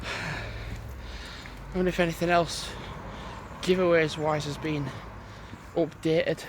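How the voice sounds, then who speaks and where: This man talks on the high side with little pitch movement, taking his time against a noisy background. Walking outdoors with his phone, he casually rambles through a vlog, breathless and sighing a lot.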